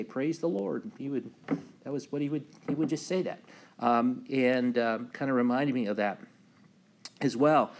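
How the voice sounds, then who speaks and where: A man teaching a morning Bible class as pastor, talking loosely with many fillers and reading scripture aloud with emphasis. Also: on the high side. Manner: relaxed, many ums and uhs, reads scripture aloud with emphasis.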